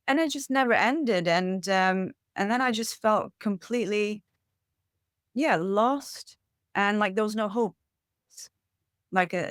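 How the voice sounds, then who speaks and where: A woman's voice: mid-range voice, dry recording, clean studio sound. A woman who works as a life coach tells her personal story in a podcast interview, earnest and reflective, with many fillers. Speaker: intuitive life coach, guest.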